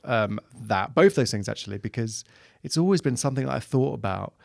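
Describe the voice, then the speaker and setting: A male comedian, guesting on a chat podcast, rambles through stories and acts out the people in them with lively quoted voices. His voice sits at medium pitch, moves fairly quickly and has a creaky texture. The studio-quality recording carries no room sound.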